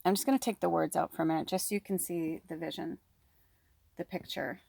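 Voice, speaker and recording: A woman's voice: fairly low pitch, steady tone, brisk, a little mellow, dry recording. A middle-aged woman giving a chatty pick-a-card tarot reading, talking close to the microphone. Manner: chatty, breathy asides, close to the mic. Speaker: tarot reader.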